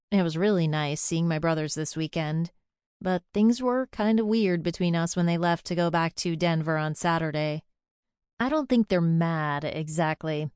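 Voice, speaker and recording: A woman's voice: low-pitched, a little mellow, smooth, no room sound, clean studio sound. A young adult woman narrating a first-person audiobook in a chatty, confiding way.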